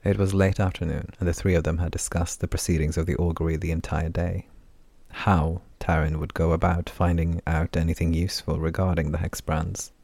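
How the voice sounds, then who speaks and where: A man narrates a fantasy audiobook with steady, even storytelling. His voice is deep. The recording is dry and close, with no room sound. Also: a little fast, creaky, dry recording.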